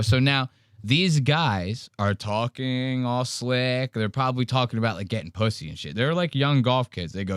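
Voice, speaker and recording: A man hosting a podcast, telling a story in casual banter with crude, animated mocking impressions. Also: mid-range voice, normal speed, smooth, no echo, clean studio sound. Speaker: podcast host.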